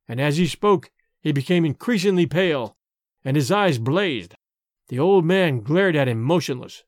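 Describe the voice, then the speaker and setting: A man's voice: on the high side, moderate pace, dry recording, clean studio sound. A man giving a dramatic audiobook reading of a gothic story, voicing the characters' lines with feeling. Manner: expressive, voices the characters' lines.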